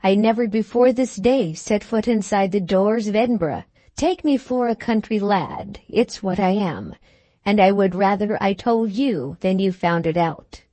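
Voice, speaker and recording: A woman's voice: medium pitch, animated, unhurried, warm tone, no echo, natural voice. A woman reading an audiobook speaks the lines of a shy but proud young country lad in an earnest, formal manner.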